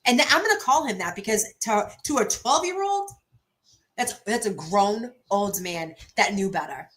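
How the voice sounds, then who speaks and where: Bright-voiced blunt woman livestreamer. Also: mid-range voice, expressive, moderate pace, low-quality recording. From Boston area. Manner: blunt, profane, emphatic, restarts often. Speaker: livestream host. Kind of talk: casual livestream chat reading comments.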